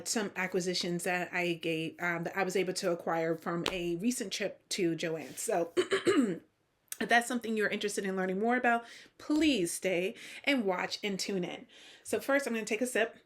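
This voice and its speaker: A tired woman in her thirties with a slight Southern US twang, hosting a casual knitting vlog in a chatty, self-deprecating way. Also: medium pitch. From Georgia, US. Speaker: host.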